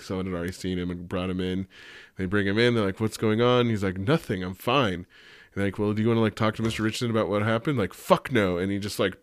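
A low-voiced man co-hosts a casual podcast chat in Reno, telling lively stories and acting out the quoted dialogue with animation. The studio sound is clean, with no echo.

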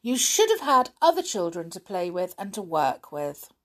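A woman voicing a loving but stern mother, speaking firmly and in a measured way for a storybook reading. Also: on the low side, big pitch swings. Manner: firm and measured. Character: stern loving mother scolding her daughter.

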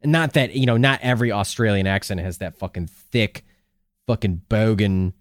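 A man co-hosting a podcast in casual chat, animated and swearing often, with jokey put-on voices. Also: lowish voice, moderate pace, no echo, studio quality. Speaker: podcast co-host.

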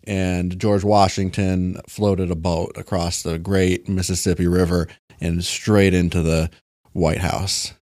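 A man's voice: low-pitched, flat delivery, slow, darkish tone, dry recording, studio quality. A man co-hosting a comedy podcast, rambling in casual chat and laughing often. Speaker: podcast co-host.

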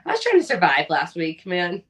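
Female co-host, casual self-deprecating chat over a video call, somewhat low voice. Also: huge pitch swings, fairly quick, fairly bright tone, distant mic. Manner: chatty, self-deprecating, laughs often. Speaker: podcast co-host.

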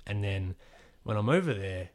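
A man, a pro wrestler telling a story on a casual podcast, animated and swearing freely as he acts out the quotes. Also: on the low side, normal speed.

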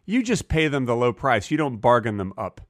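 A man hosting a comedy podcast, telling stories in an animated, wry way. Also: mid-range voice, a little fast, no room sound, clean studio sound. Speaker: podcast host. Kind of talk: comedic casual chat.

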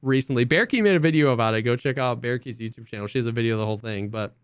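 A young man co-hosting a casual podcast, an excitable storyteller who acts out quotes in high voices. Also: racing, clean tone, no room sound, studio quality. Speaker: podcast co-host. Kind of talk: casual chat.

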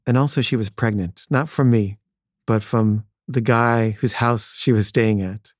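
A man's voice: on the low side, steady tone, unhurried, no room sound, studio quality. A man telling a candid personal story from his past in a wry, conversational way.

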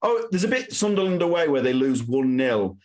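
Man, podcast co-host, animated anecdotes, very lively intonation. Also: medium pitch, brisk. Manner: animated storyteller, relishing anecdotes. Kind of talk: casual chat.

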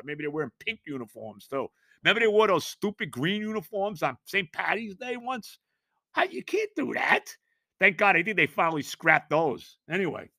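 A man in his sixties, hosting a podcast, tells a rambling, animated story in casual chat, repeating himself and laughing along the way. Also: a little high, no echo, studio quality. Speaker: podcast host.

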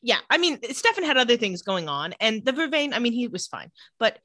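A woman's voice: a little high, brisk, no echo. A woman co-hosting a casual podcast, recapping an episode with lots of laughter and playful asides. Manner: lively, giggly, acts out quoted lines.

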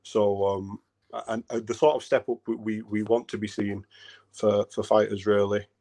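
A man's voice: on the low side, little pitch movement, normal speed, dark tone. A man in his late thirties chatting about boxing on a podcast, hesitant and full of ums and restarts. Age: 30s. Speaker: podcast co-host. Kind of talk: casual chat.

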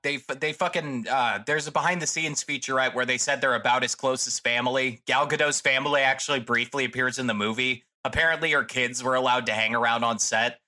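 A man in casual podcast chat about a film, animated, joking and often swearing. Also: mid-range voice, brisk, few pauses.

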